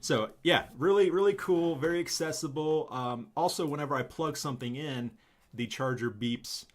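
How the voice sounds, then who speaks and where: A man hosting a casual live stream, talking in a relaxed, chatty way and laughing often. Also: on the high side, normal speed. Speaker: channel host.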